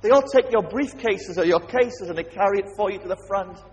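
A man's voice: high-pitched, a little fast, in a large hall. A man preaching a sermon, emphatic and constantly asking his congregation questions.

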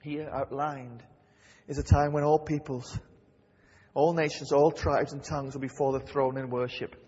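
A man's voice: medium pitch, flat delivery, normal speed, darkish tone, husky. A man preaching a sermon with fervor, repeating key phrases and quoting scripture aloud. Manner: impassioned, repeats phrases for emphasis. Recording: lo-fi hall reverb.

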